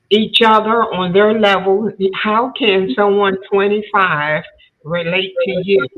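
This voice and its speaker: A woman hosting an interview show, speaking in an earnest, reflective way. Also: on the low side. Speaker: host. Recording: tinny phone-like line.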